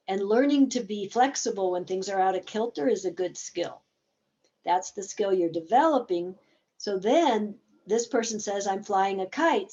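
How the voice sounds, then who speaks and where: A woman's voice: medium pitch, warm tone, dull audio. A woman therapist explaining a game in a conversational teaching talk, acting out bits of dialogue as examples.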